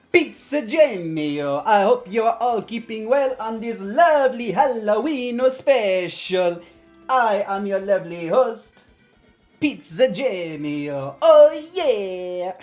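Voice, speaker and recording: A woman's voice: a little high, voice pushed up, exaggerated voice. A woman putting on a cheesy mock-Italian pizza host, playful and over the top, on a game livestream. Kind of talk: comic bit on a game livestream.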